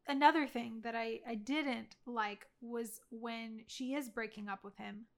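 A woman's voice: fairly high pitch, steady tone, measured pace, creaky. A woman co-hosting a casual movie review chat, talking in a gushing, chatty way with lots of fillers. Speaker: podcast co-host.

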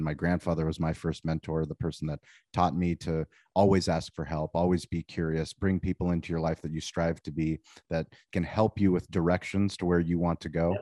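Deep-voiced man hosting an interview. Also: warm tone, no echo, studio quality. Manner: supportive, frequent short affirmations. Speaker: podcast host. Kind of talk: interview questions.

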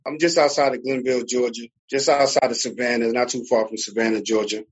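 A man with a New Jersey accent, a podcast guest telling his story in a relaxed, casual way. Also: medium pitch, quick pace, slightly rough, dull audio. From Newark, New Jersey. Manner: relaxed storyteller, fillers and laughs. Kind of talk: casual conversation.

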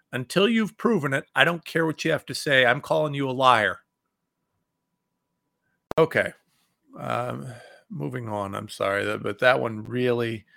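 A middle-aged male talk show host, delivering angry political commentary. His voice is gravelly and bright, with a dry, close recording, and he swings from loud outbursts to low muttering. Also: no echo. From Ohio.

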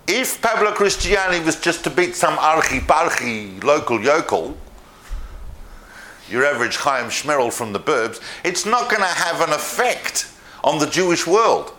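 A man giving a history lecture to a live audience, telling the story in an animated way and speaking directly to the listeners. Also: fairly high pitch, unhurried.

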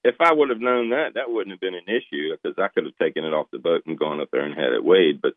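A male caller on a phone line, speaking calmly and laid-back. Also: sits low, quick pace, no echo. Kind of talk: phone-in chat.

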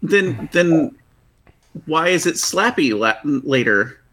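Husky, quizzical man in casual chat. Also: on the high side, lively intonation, slow pace, bright, forceful tone. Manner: quizzical, joking interjections.

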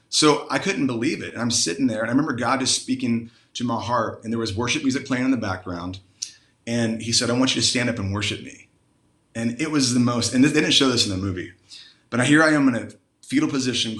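A man shares a heartfelt personal testimony as a guest on a live panel, his voice sitting at an ordinary pitch. He speaks earnestly over a video call, and the sound carries a noticeable room echo. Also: fairly bright tone. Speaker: guest panelist, Christian musician.

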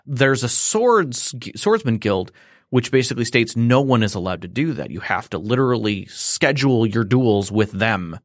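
A man's voice: mid-range voice, big pitch swings, normal speed, no echo, clean studio sound. A man explaining a tabletop game system in casual chat, rambling with fillers and restarts.

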